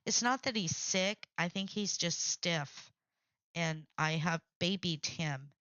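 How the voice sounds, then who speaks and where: A woman's voice: fairly low pitch, takes it slowly, sharp tone, no room sound, muffled recording. A middle-aged woman hosting a crafting livestream, chatting casually and reading out viewer comments, often laughing and repeating herself.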